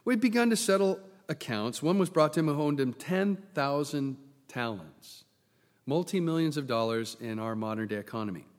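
A man preaching a sermon, swinging from loud bursts to hushed near-whispers and acting out the voices in his story. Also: a little high, lively intonation, normal speed. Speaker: pastor. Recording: long hall reverb.

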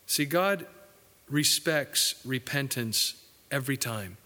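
A man's voice: lively intonation, slow, sharp tone. Man preaching in a reverberant hall. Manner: earnest preaching, swings between emphatic rises and low asides. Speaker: pastor. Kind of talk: sermon.

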